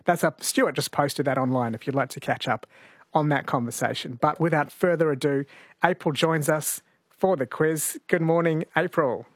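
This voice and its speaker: Man, radio host, easygoing, reads texts, higher pitch, dry close mic. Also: moderate pace, no room sound. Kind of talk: late-night talkback radio. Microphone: studio microphone.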